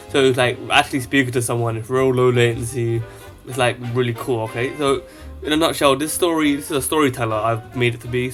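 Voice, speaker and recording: A man's voice: medium pitch, fairly bright tone. A man casually showing off an app he built, rambling with lots of fillers. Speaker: app developer. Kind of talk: casual product demo.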